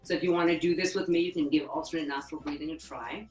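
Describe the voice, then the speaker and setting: A woman yoga therapist teaching a webinar lesson, calmly guiding breathing exercises and counting breaths. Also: deep voice, echoey room, faint music behind, low-quality recording. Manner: calm, instructive, counts breaths slowly.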